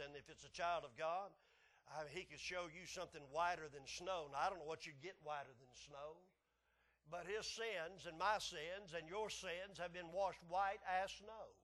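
A preacher delivers a folksy sermon in a notably high voice. He drops to near hushes and then climbs to hollered peaks. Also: fairly even intonation, moderate pace. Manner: folksy, swinging between hushed and shouting.

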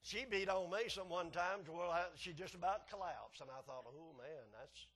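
High-voiced preacher. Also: male voice, normal speed. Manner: folksy, chuckling, swings from soft asides to hollering. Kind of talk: sermon.

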